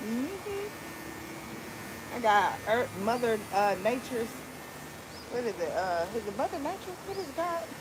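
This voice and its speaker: Talking into her phone outdoors on a windy deck, a barber livestreams while cutting hair, bantering playfully with her viewers and her dog. She speaks unhurriedly with long pauses, her high-leaning voice swinging widely in pitch amid wind and ambient noise.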